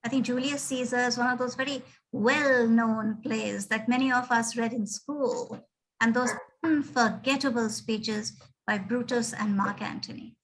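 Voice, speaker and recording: A woman hosting a book club on a video call, brisk and quick to correct. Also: on the high side, fairly even intonation, a little hiss or hum. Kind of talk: casual chat and hosting.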